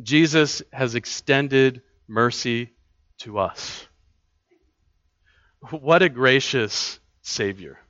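Male pastor, earnest conversational sermon, bright tone, dull dry recording. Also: mid-range voice, extremely slow, pauses often, no echo. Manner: earnest, conversational preaching with repeated restarts. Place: church.

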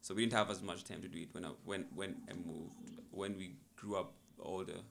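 A man's voice: low voice, steady tone, fairly quick, vocal fry, fairly bright tone, a little hiss or hum. A young man, a musician, telling his story in a casual podcast interview in a laid-back, reflective way. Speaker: musician guest.

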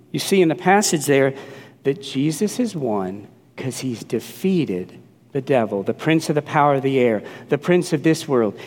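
A middle-aged man from New Orleans preaching a sermon, telling stories emphatically and acting out the quoted voices. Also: fairly high pitch. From New Orleans, USA. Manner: animated storytelling, emphatic, acts out quoted voices. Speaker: pastor. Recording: long hall reverb.

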